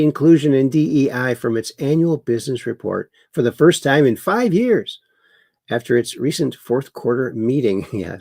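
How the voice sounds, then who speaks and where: The host of a casual political livestream from his home in Wisconsin reads viewer chat aloud and chuckles while mocking the news. His mid-range voice is gravelly yet mellow, with no room sound and a clean studio sound.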